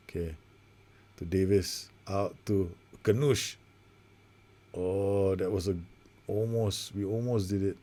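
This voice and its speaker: Brief: male gaming host, lowish voice, chatty and self-deprecating, calls every pass in a sim match. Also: fairly even intonation, a little slow, warm tone. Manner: rambling, self-mocking, narrates passes play by play. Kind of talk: casual live commentary over a football management game.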